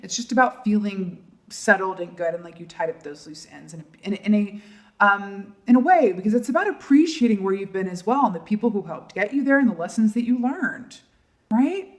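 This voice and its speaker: A woman doing a tarot reading for her viewers, talking softly and emotionally, with many fillers and trailing pauses. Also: mid-range voice, animated. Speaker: tarot reader. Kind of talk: casual tarot reading to camera.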